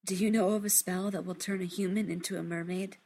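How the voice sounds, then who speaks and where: A woman voicing a middle-aged queen who was once a mermaid, quiet and pleading, in a storybook reading. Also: on the low side, fairly even intonation, quick pace.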